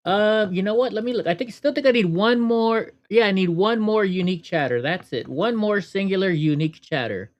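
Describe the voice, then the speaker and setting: A man's voice: sits high, lively intonation, brisk, hardly any pauses, lo-fi sound. A middle-aged man hosting a casual reaction commentary, mumbling and tossing off sarcastic asides. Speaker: commentary channel host.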